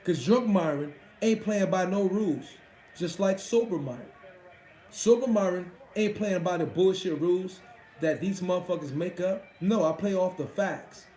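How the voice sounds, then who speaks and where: A man's voice: sits high, moderate pace, warm tone, reverberant, rough recording. A man hosting a live stream, chatting casually with his viewers in a profane, boastful way. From Washington D.C.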